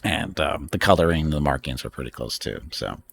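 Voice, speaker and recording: A man's voice: a bass voice, expressive, brisk, vocal fry, breathy edge. A man hosting a casual live stream from home, rambling and chatting with frequent laughs. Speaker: streamer host.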